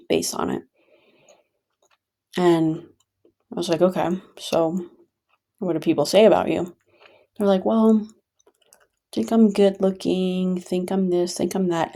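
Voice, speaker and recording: Gravelly low-voiced woman venting casually. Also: dark tone. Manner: rambling, filler-heavy, with many "like" and restarts. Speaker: vlogger.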